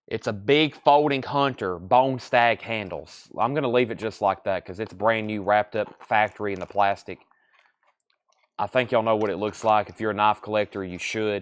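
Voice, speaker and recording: A tired man with a drawl hosts a live sale, talking in a relaxed, folksy patter. He sounds sleepy but keeps the sales talk going, friendly and unhurried. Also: mid-range voice. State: sleepy, yawning. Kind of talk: live auction selling.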